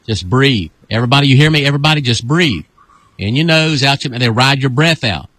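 Commanding pastor in a dry room. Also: male voice, animated, a little fast, fairly bright tone, dry recording. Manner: commanding, repetitive, with high whoops. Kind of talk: deliverance prayer.

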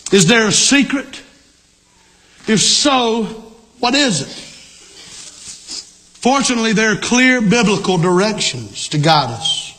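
A middle-aged male pastor preaching a sermon, emphatic, repeating key lines and rising to shouts. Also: high-pitched.

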